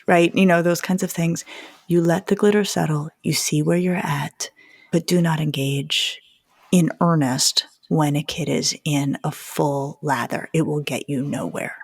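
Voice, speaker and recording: Gravelly, breathy-voiced woman giving advice. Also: on the low side, moderate pace, no echo, clean studio sound. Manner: animated, leans on metaphors, drops to a near whisper. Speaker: psychologist co-host of a parenting podcast. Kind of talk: casual advice chat.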